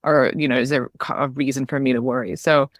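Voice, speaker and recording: A woman's voice: a bass voice, steady tone, brisk, no echo, studio quality. A woman guest on a podcast, an emergency physician telling a candid personal story in a chatty way, full of "you know" and "like".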